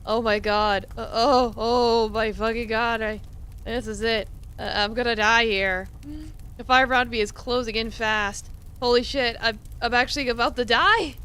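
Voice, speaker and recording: A desperate young hero in a game, trapped in flames, voiced by a woman who reads the scene aloud, shouts in a high, bright, smooth voice. The panic never lets up as the hero begs and sobs for help. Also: steady tone, normal speed, natural voice. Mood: terrified. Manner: frantic, shouting and sobbing in despair.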